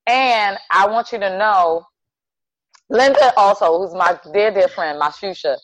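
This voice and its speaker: A woman's voice: medium pitch, a little slow, fairly bright tone. A middle-aged woman who teaches dance fitness, telling a story in casual conversation. She acts out dialogue and often restarts her sentences. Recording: dry, slightly dull lo-fi sound.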